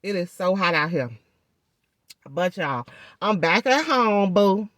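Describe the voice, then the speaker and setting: A woman vlogger telling a story in a chatty, animated way, speaking through a swollen jaw and addressing viewers directly. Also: mid-range voice, slow pace, dry recording, clean studio sound. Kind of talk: casual storytelling vlog.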